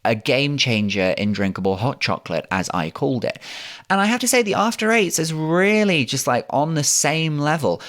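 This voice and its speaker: A man's voice: on the high side, sing-song, moderate pace, a bit bright. A man hosting a chatty comedy podcast. He rattles through jokey, self-mocking asides. His voice leaps up and down all the time. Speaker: podcast host. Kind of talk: comic podcast monologue.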